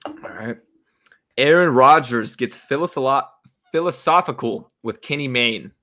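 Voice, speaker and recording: Young man, bright tense tone, sports podcast co-host, easygoing, reads out segments. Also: mid-range voice, unhurried. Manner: easygoing, steers to next topic. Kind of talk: casual sports chat, segment hosting.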